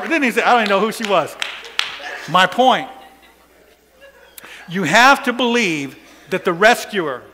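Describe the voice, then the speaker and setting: A man preaching a sermon, telling a personal story with laughs and sudden shouts. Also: high-pitched, big-room sound.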